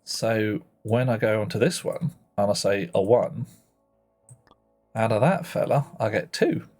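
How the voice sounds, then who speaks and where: A man's voice: on the low side, a little slow, darkish tone, faint music behind. A man streaming a puzzle game live, thinking aloud in a playful way and muttering to himself as he works.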